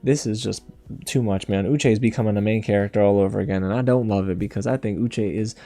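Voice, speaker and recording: Male recap host, mellow dark tone, chatty and gossipy, quick to laugh. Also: lowish voice. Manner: animated, gossipy, laughs often. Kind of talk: casual review monologue.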